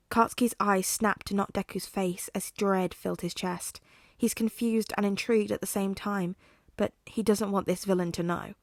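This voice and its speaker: A woman narrating a fan fiction audiobook in a steady, measured storytelling voice. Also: medium pitch, no echo, studio quality. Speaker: podfic reader.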